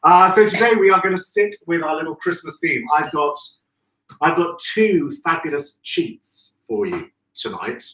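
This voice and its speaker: Man, gushing live-stream host, fairly high voice, roomy distant sound. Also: lively intonation, moderate pace, bright, forceful tone. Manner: chatty, effusive, greets viewers by name. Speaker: host of a live florist show. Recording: echoey room, distant from mic.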